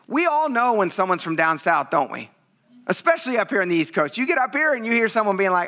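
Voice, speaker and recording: Bright, high-voiced man preaching a sermon. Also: fast talker. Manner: animated storytelling, acting out quoted voices. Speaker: pastor. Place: church.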